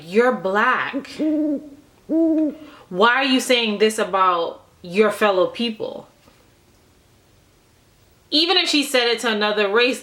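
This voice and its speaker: A young adult woman vlogger telling a story to the camera in an animated, conversational way, rambling and restarting her sentences. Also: medium pitch.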